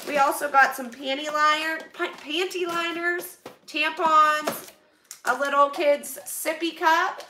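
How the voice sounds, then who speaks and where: A woman's voice: sits high, recorded from a distance. A woman in her thirties chatting on a livestream as she opens donation boxes, bubbly and exclaiming often. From Pennsylvania, USA. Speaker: vlogger opening donations on a livestream. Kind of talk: casual livestream chat. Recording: echoey room, voice away from mic, background noise.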